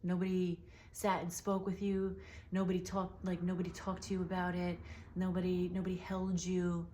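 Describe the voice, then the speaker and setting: A young woman giving an emotional, soothing intuitive reading straight to the listener, often dropping into soft whispers. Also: lowish voice, completely flat delivery, normal speed, a little hiss or hum. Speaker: tarot reader.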